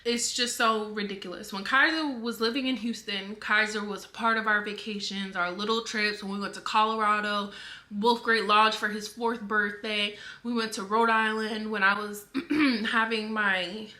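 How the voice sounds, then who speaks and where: A woman's voice: medium pitch, steady tone, moderate pace, bright, forceful tone. A young woman vlogger talking casually to camera, defending herself in a rambling way with lots of filler words.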